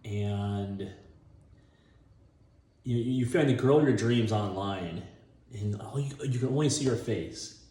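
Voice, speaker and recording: A man hosting a casual, rambling monologue. He chuckles often and acts out scenes in voices as he pitches a movie idea. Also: slow pace, pauses often, warm tone, roomy sound. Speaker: online video host.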